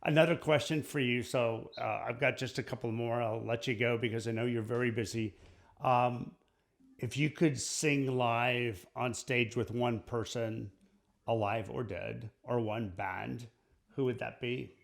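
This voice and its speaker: A middle-aged man hosting an interview, asking questions in a halting way and often repeating words. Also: medium pitch, steady tone, creaky. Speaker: interview host. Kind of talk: casual interview.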